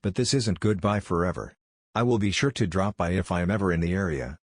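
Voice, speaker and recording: A man reading as a young male ninja hero, calm and confident, with a steady, level delivery. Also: sits low, fast talker, no room sound, clean studio sound.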